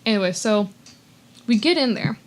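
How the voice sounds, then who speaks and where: A woman's voice: mid-range voice, lively intonation, normal speed. A young woman co-hosting a podcast, telling a long story in casual chat with many fillers and acted-out quotes. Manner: chatty, filler-heavy, acts out quoted people. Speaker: podcast co-host.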